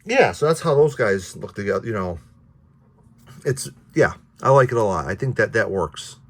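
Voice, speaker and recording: A man's voice: on the low side, animated, normal speed, husky. A man casually reviewing action figures, rambling with many restarts and the odd curse. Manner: offhand, mildly profane. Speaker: toy reviewer.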